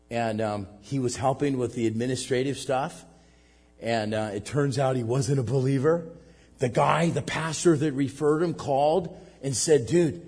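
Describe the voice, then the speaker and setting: A middle-aged man, a pastor and missionary, preaching a sermon and telling a personal story, stumbling over repeated restarts and swinging between loud outbursts and hushed asides. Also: medium pitch, breathy edge. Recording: long hall reverb.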